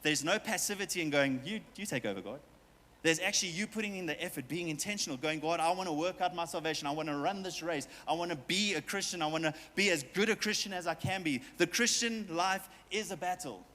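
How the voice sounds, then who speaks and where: A man's voice: a little high, fast, sharp tone, long reverb tail. A man preaching a sermon as pastor, talking straight to his congregation with playful asides and quoted voices. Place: church hall with long reverb.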